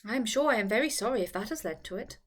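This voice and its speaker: Woman voicing a brisk, teasing young lady friend. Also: fairly high pitch, lively intonation. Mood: concerned. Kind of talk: audiobook reading.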